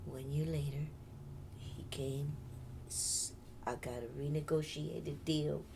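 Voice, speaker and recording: A woman's voice: deep voice, fairly even intonation, slow, gravelly, background noise. An older woman, a singer, telling her life story in a candid, chatty interview and laughing often.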